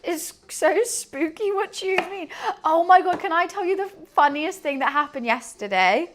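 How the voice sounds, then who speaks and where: A young woman streaming and chatting casually, telling a story with quick asides and frequent laughs. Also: extremely high pitch, fairly bright tone. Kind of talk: casual chat to a stream audience.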